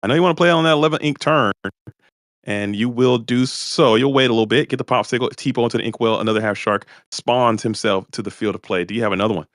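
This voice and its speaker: A man's voice: mid-range voice, fast talker, fairly bright tone, dry recording, studio quality. A man commentating a live card game tournament stream, chatty and explaining each play as it happens.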